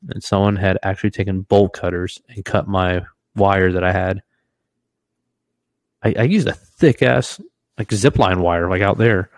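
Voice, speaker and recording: Low-voiced man telling a rowdy story. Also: a little slow, dry recording. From Washington state, US. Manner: animated storyteller, swears freely, laughs through his stories. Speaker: podcast co-host. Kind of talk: casual storytelling chat.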